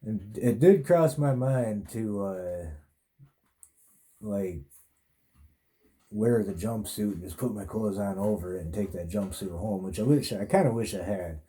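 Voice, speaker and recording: A man's voice: on the low side, unhurried, mellow. A male podcast host telling a casual, rambling, profane story in a laid-back way.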